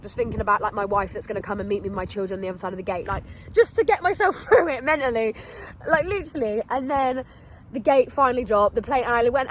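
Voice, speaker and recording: A young woman with a high, bright voice tells a story at a quick clip. She is chatty and emotional, packing in "like" and "literally." A faint hum of room sound sits behind her. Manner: chatty, gushing, full of "like" and "literally"; emotional, heartfelt. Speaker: podcast host. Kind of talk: casual storytime monologue.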